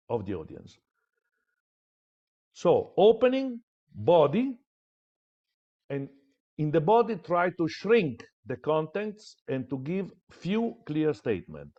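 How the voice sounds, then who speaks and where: A man with a fairly high, lively voice teaches how to build a speech. He leans on his points, often repeating words for emphasis. The sound is dull and lo-fi. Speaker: public speaking trainer. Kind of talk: training lecture.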